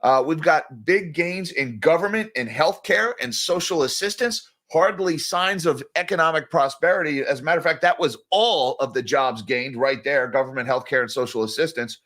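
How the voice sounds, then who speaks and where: A man's voice: a little high, normal speed, hardly any pauses, fairly bright tone. A man hosting casual daily market news commentary, blunt and conversational, addressing viewers directly.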